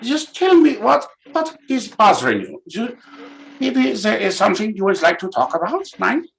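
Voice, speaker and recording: A man voicing a mock therapist, coaxing and slow. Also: sits high, sing-song, gravelly, pitched above the performer's own voice, exaggerated voice, poor audio. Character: mock German male therapist, soothing and odd.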